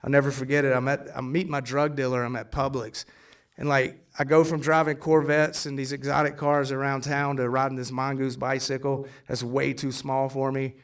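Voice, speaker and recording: This man in his forties speaks at normal speed with a medium pitch, little pitch movement and a clean tone, sounding far from the mic. As a guest speaker on a theater stage before an audience, he gives live testimony about his recovery, bluntly and casually, with swearing and acted-out dialogue.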